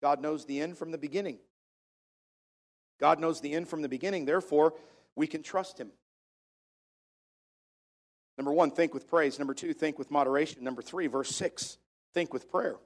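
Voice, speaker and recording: A man's voice: on the high side, moderate pace, pauses often. A man preaching a sermon to a congregation, repeating key phrases for emphasis in a preacher's cadence. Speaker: pastor.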